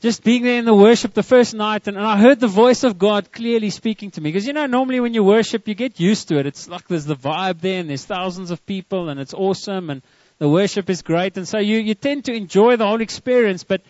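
A man's voice: high voice, a little fast, darkish tone, dry recording, muffled recording. A man preaching a sermon to a church congregation, earnest and often repeating words as he starts a line. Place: church service.

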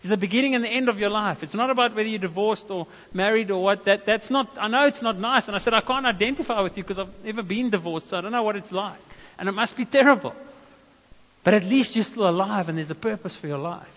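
A man's voice: high voice, quick pace, fairly bright tone. A man with a South African accent preaching a sermon, telling a personal story with casual asides and calls of amen. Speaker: pastor. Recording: dull reverberant hall sound.

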